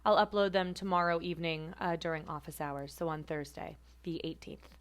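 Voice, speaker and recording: A woman teaching a phonetics class, speaking deliberately and repeating example words slowly to demonstrate them. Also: on the low side, fairly even intonation. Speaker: phonetics instructor. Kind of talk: recorded lecture demonstration.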